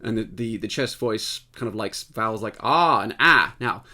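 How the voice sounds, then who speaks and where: Tired-voiced man teaching singing, bright tone. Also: lowish voice, moderate pace. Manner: explanatory, conversational, often checks in with "right?". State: tired, slightly husky voice. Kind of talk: casual spoken singing lesson.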